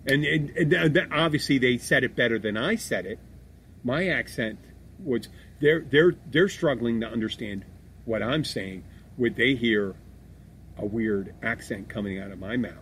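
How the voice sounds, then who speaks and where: This middle-aged man, a bartender who hosts a laid-back podcast on bar work, talks at normal speed in a medium-pitched, slightly bright voice. His delivery is rambling and profane, full of restarts, over faint background noise.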